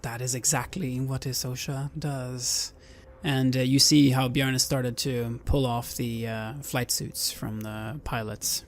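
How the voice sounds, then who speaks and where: A man's voice: mid-range voice, unhurried, faint music behind. Man narrating as game master. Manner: steady descriptive narration with fillers.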